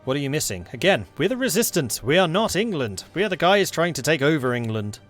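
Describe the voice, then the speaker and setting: A man's voice: a little high, sing-song, quick pace, fairly bright tone, soft background music. A man casually commenting as he plays a strategy game, thinking aloud. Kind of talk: gameplay commentary.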